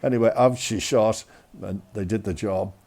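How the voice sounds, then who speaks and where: Gravelly man telling a comic story. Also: fairly low pitch, normal speed. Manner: animated, self-mocking.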